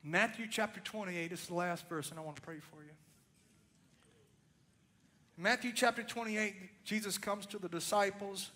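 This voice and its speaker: A man delivers a sermon with impassioned storytelling. His voice sits very high for a man. His tone is bright and forceful. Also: normal speed, long pauses. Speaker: preacher.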